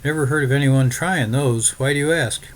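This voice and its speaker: A man's voice: medium pitch, fairly quick, close to an everyday voice. A man doing a folksy young frontier farmer's son. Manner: plainspoken, folksy. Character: friendly young male settler farmer's son.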